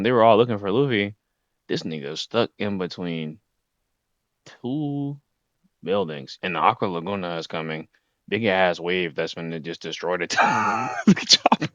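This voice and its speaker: A young man with a low voice that swings widely up and down as he recaps a story in heavy slang, now and then bursting into shouted impressions. The recording is dry and close, with a slightly muffled, lo-fi sound. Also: normal speed, no room sound. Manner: slangy, animated, jumps into shouted impressions of characters. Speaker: anime recap host.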